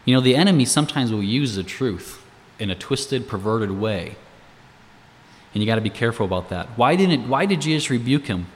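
A man's voice: medium pitch, expressive, fairly quick, in a large hall. A man giving a casual, conversational Bible teaching, explaining verses, asking rhetorical questions and chuckling between points.

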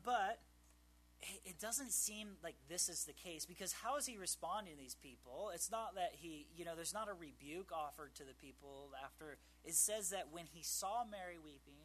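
A man's voice: a little high, a bit bright, a little hiss or hum. A man giving a casual, conversational Bible teaching, full of fillers and joking asides.

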